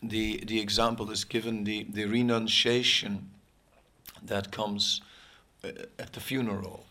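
A man giving an informal, rambling sermon, joking often and pausing with many fillers and restarts. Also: fairly low pitch, level tone, bright, forceful tone. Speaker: spiritual teacher.

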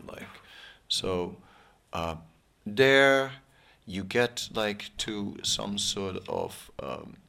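A man giving an informal, rambling sermon, joking often and pausing with many fillers and restarts. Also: sits low, vocal fry, fairly bright tone. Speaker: spiritual teacher.

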